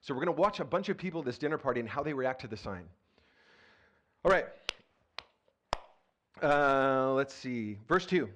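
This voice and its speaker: A man's voice: medium pitch, expressive, moderate pace, long pauses, a bit bright. A man preaching a casual, conversational sermon as pastor, playful and chatty, often asking the congregation questions, speaking into a handheld mic in a church. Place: church sanctuary.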